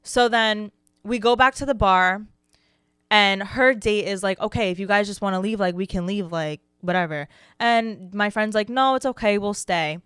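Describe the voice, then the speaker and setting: A woman's voice: medium pitch, moderate pace, clean tone, dry recording, clean studio sound. A young woman co-hosting a podcast, telling stories in casual chat, swearing freely and acting out what people said. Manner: animated storyteller, swears freely, acts out quotes. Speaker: podcast co-host.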